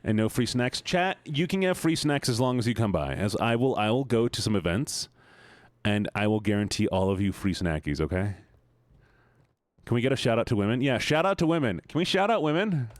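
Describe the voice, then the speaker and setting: A man streaming live, chatting casually with his audience in an excitable, playful, teasing way. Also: lowish voice, fairly quick, no echo.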